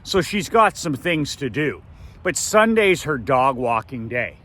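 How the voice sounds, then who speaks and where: Slow, bright-voiced man telling a story. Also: mid-range voice, big pitch swings. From Canada. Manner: emphatic, repeats phrases for effect. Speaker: business coach. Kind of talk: casual storytelling vlog.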